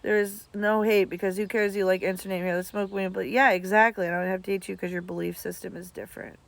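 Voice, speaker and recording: A woman's voice: mid-range voice, level tone, fast, vocal fry, no room sound. A woman, chatting casually and bluntly to her viewers as a streamer, swearing freely. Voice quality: blunt and profane, talks straight at viewers. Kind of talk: casual chat.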